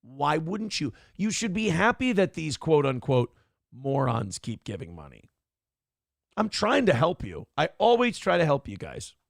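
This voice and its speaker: A man hosting a live stream in a blunt, combative way, swearing freely as he reads donations aloud. His voice sits a little high for a man, with a gravelly fry. The sound is close and dry. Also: very animated, unhurried, no echo. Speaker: host of a live-streamed morning show. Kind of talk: casual live-stream talk reading donations.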